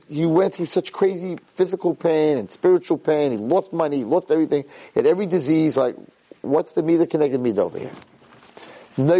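A middle-aged man, a rabbi, giving a lively Torah lecture to a class and acting out the voices in his stories. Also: on the high side. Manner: animated storyteller who acts out voices and cries out quoted lines.

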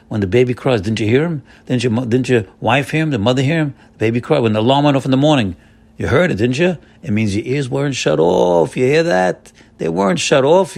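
A man's voice: medium pitch, a little mellow. Folksy man giving an informal sermon. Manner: folksy and repetitive, often says "my friends"; asks questions and answers them himself. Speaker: religious teacher leading a group.

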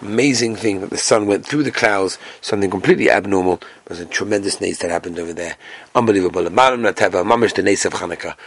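A man teaching a Talmud class with Yeshivish Ashkenazi Hebrew pronunciation, reading the text and telling the story with animated storytelling. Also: fast. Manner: animated storytelling, acting out characters with big jumps in pitch.

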